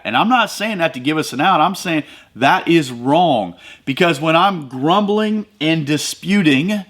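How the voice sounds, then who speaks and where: A middle-aged Midwestern American man hosts a devotional podcast, talking conversationally before building into emphatic, preacher-like runs. His voice is medium in pitch with a fairly bright tone.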